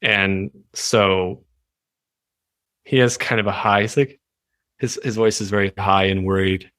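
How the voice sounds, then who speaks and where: A man speaking as a guest in a casual interview, animated and laughing often. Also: lowish voice, measured pace, no room sound. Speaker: writer, guest. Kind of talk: casual chat.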